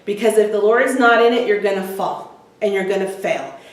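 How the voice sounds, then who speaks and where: A woman's voice: mid-range voice, a little fast. A woman teaching a women's Bible study, retelling scripture in casual everyday words with frequent ums. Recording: echoey room, voice from far off the mic.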